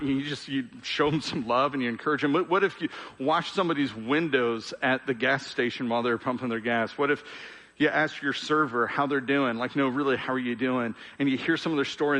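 A middle-aged man preaching a sermon as pastor, conversational and earnest, often restarting words, swinging between emphatic raised passages and soft, quiet pleas. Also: medium pitch. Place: large church hall. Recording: long hall reverb.

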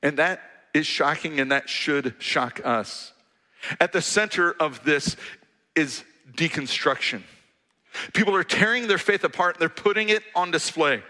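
Animated male pastor in a reverberant hall. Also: a little high, a little slow. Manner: animated, humorous storytelling. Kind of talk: sermon.

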